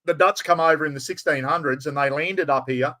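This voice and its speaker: An Australian podcast host talks in a relaxed, casual chat, dropping the occasional swear word. His voice sits on the high side with a sharp tone, and he speaks a little fast.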